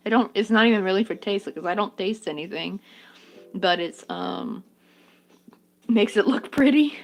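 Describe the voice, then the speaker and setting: Chatty woman with a gravelly edge. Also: medium pitch. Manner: chatty, giggly, talks to her work and to chat. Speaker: crochet vlogger. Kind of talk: casual chat while crocheting.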